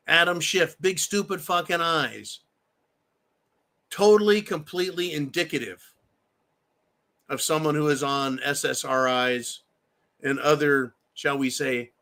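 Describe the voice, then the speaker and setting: A man's voice: medium pitch, sharp tone. A man hosting a live stream, reading viewer comments aloud and ranting in a profane, mocking way. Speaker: host reading viewer chat.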